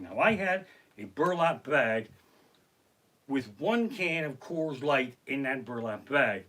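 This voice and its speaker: Animated, profane stand-up comedian. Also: male voice, mid-range voice, slow. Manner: profane, animated, acts out other people's lines. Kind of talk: live-streamed stand-up storytelling. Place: living room at home. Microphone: basic home streaming mic.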